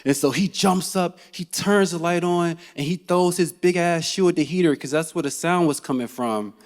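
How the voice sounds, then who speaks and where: A man telling a funny personal story to a live audience, animated and laughing as he goes. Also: a little high, moderate pace. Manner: animated and comic, laughing as he tells it. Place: theater stage.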